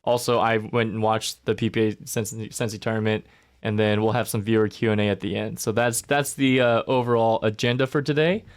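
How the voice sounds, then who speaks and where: A man co-hosting a casual podcast, talking in a relaxed, easygoing way with plenty of fillers. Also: on the low side, a little fast, smooth. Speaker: podcast co-host.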